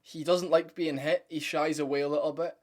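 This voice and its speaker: A man's voice: fairly high pitch, level tone, brisk. Blunt, rambling young man host. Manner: blunt, opinionated, rambling with restarts and casual swearing. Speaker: MMA commentary channel host. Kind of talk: casual opinion breakdown to camera.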